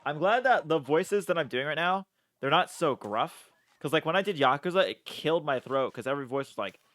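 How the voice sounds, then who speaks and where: A man streaming a game live, excitable, swearing a lot and laughing often. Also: mid-range voice, dry recording.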